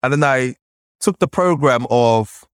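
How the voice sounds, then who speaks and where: A man from Nigeria tells his story as a podcast guest, animated and full of "like". His pitch jumps around as he acts out remembered voices. The sound is dry and close, with no room around it. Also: unhurried, smooth, no room sound. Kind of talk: storytelling in conversation.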